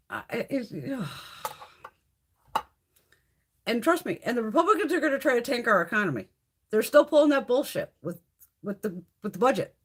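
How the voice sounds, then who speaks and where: On her live beauty stream, this host rants bluntly and profanely to viewers, laughing frequently along the way. Her voice is fairly high-pitched with a fairly bright tone.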